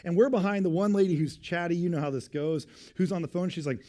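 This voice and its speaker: A man's voice: high-pitched, quick pace. A man in his twenties, a pastor, telling a personal story in a sermon and acting out the voices of the people in it. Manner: animated storyteller, acting out voices, drops to a hushed tone for suspense.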